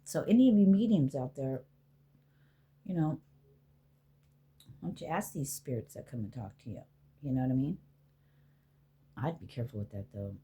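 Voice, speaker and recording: A woman's voice: a bass voice, lively intonation, moderate pace, long pauses, dark tone, breathy edge. A middle-aged woman, a spiritual healer, rambling casually and with profanity as she talks to spirits aloud.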